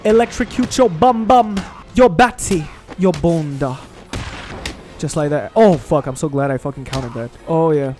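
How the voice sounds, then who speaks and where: Excitable, foul-mouthed young gamer man. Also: a little high, a little slow. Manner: excitable, profane, trash-talks game enemies. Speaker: gaming channel host. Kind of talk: casual gameplay commentary.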